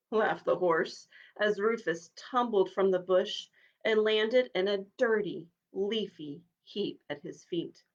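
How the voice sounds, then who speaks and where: A woman children's minister giving a live storytime, reading a picture book aloud to children with an expressive read-aloud manner. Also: medium pitch, takes it slowly, muffled recording. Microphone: livestream device.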